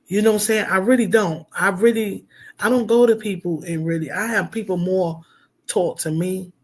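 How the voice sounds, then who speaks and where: A man's voice: high voice, normal speed, slightly rough. A middle-aged man, a minister, talking heartfelt and rambling on a casual livestream, with lots of fillers.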